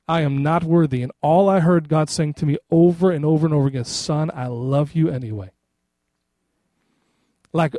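A middle-aged man preaches a sermon conversationally and with animation, acting out the voices of those he quotes. His voice is a little high, and there's no echo.

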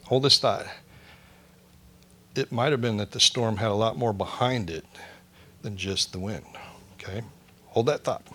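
A man delivers a sermon in church, his voice sitting in an ordinary middle pitch. He mixes quick jokes into plain teaching, then goes soft and hushed when he turns to prayer. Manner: joking asides, drops to a soft hush for prayer. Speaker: pastor.

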